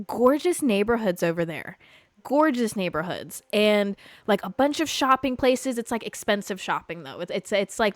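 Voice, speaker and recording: A woman's voice: mid-range voice, no room sound. Chatty young woman telling a story. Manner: animated, swearing, many fillers. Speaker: podcast host. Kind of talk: casual storytelling chat. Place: Los Angeles.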